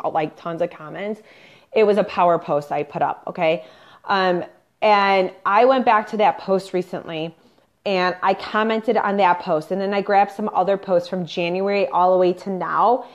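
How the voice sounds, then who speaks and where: A woman business coach on an unscripted live stream, chatty and pushy, peppering her talk with "like" and "you guys". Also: medium pitch. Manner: upbeat and pushy, coaching the viewers directly. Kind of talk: unscripted Facebook live training. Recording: slightly dull lo-fi livestream audio.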